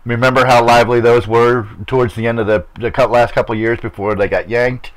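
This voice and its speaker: A man's voice: mid-range voice, steady tone, fairly quick, low-quality recording. A middle-aged man hosting a racing chat show, rambling and repeating himself in casual talk.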